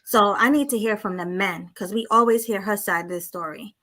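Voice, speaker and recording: A woman co-hosts a casual commentary podcast. She sounds sassy and quick to judge. Her voice is bright and sharp. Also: mid-range voice. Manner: sassy, judgmental. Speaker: podcast co-host.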